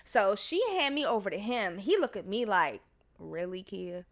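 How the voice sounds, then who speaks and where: A woman podcast host telling a story in casual chat, animated and laughing, acting out the people in it. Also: mid-range voice, normal speed.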